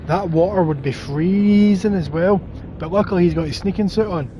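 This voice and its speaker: A man's voice: high voice, moderate pace, warm tone, slight background noise. A man giving a joking, rambling commentary while playing a video game on a livestream. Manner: joking, rambling, mock-dramatic. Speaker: livestream gamer. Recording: game music playing behind.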